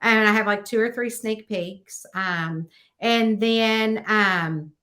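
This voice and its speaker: Bright, chatty woman author. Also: medium pitch, takes it slowly. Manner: chatty, animated storyteller with many fillers. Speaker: guest author. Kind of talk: casual interview chat.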